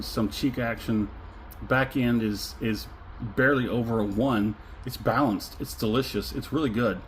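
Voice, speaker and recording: A man's voice: mid-range voice, a little hiss or hum, low-quality recording. Effusive man savoring a whiskey tasting. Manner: effusive, savoring, humming and chuckling. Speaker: whiskey reviewer. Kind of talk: casual tasting review.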